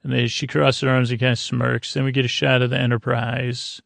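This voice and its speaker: A man with a gravelly, fried edge to his voice retells a TV episode for his podcast, stumbling through fillers and restarts. His delivery stays flat and even, recorded close and dry with no room sound. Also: mid-range voice, no room sound. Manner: halting, full of fillers and restarts. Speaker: podcast host recapping a TV episode. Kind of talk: casual rambling recap.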